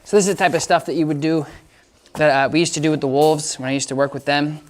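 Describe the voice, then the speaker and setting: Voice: medium pitch, fairly even intonation, fast talker, background noise. A dog trainer talking casually through a leash session, upbeat and chatty, praising the dog again and again. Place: indoor room with a dog crate.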